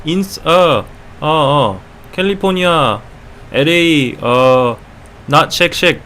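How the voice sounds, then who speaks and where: A man putting on a thick Korean accent, playing an overeager fan who gushes in halting English full of "uh"s. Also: on the high side, expressive, fairly bright tone, a little hiss or hum, voice pushed up. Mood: gushing. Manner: gushing, halting, full of uh's.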